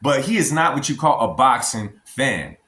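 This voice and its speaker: A man's voice: mid-range voice, sing-song, normal speed, sharp tone, roomy sound. An American man giving a casual, emphatic opinion vlog as a boxing commentator, often addressing his viewers as y'all. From United States.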